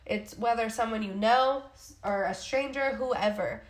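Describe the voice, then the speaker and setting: A woman's voice: fairly high pitch, unhurried, reverberant. A young adult woman co-hosting a podcast, chatting casually and emphatically, swearing freely, with sarcastic asides. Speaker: podcast co-host. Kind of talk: casual chat.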